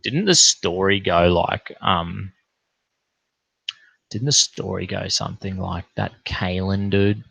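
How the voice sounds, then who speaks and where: Gravelly, low-voiced Australian man streaming late. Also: slow pace, a bit bright, dry recording. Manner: rambling, sweary, laid-back. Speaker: livestreamer. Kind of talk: casual late-night livestream chat. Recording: dull lo-fi stream audio.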